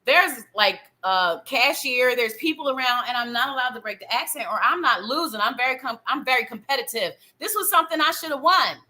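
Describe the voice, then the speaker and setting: Psychic lady doing live tarot readings, chatty and playful, bright kinda high voice. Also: low-quality recording. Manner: chatty, playful, talks straight to the viewer; laughs often. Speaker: psychic reader hosting a live show.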